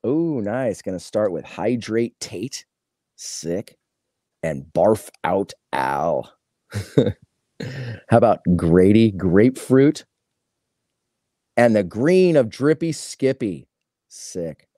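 A man's voice: on the low side, animated, drawn-out words, pauses often, dark tone, no room sound, studio quality. A laid-back man hosting a live card box break, chatting casually in slang. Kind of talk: casual live-stream chat.

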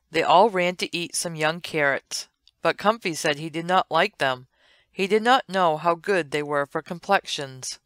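A woman narrating an old comic strip as a read-along storybook, with a gentle, sing-song delivery and playful asides. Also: deep voice, moderate pace, no room sound, clean studio sound.

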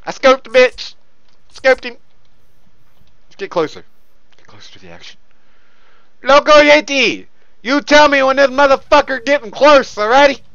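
A man commentating his own gameplay, loud and profane, often yelling into a close desk mic. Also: extremely high pitch, expressive, moderate pace, vocal fry, pauses often, clean tone, no echo, muffled recording.

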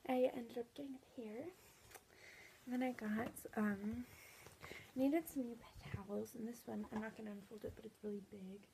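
Chatty young woman with gravelly voice. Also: on the high side, steady tone, normal speed, warm tone, slight background noise, low-quality recording. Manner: chatty, rambling with many fillers. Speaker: vlogger. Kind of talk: casual haul vlog.

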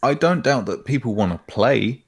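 A man co-hosting a gaming podcast, talking in a relaxed, rambling way and calling his friend "man" and "bro". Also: mid-range voice, moderate pace, husky. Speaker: podcast co-host. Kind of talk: casual gaming chat.

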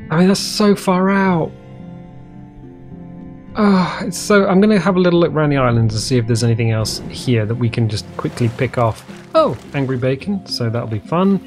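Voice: mid-range voice, normal speed, a little mellow, soft background music. A streamer giving casual gameplay commentary in a goofy, joking way, often talking to the creatures in the game.

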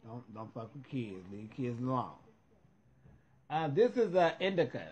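A man hosting a casual chat, swearing freely, excitable and loud when reacting to gossip. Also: medium pitch, measured pace, a little hiss or hum. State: high, burping. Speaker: host.

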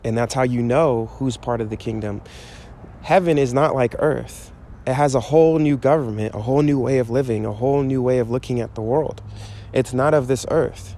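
A man's voice: medium pitch, mellow. A man giving an informal, conversational sermon, emphatic and repetitive in his delivery. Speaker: preacher.

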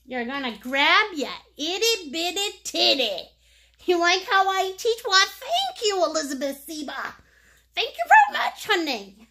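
High, bubbly silly painting teacher woman. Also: bright, forceful tone. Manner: silly, joking, encouraging; chatty, endearing pet names. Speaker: painting instructor. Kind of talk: live painting lesson.

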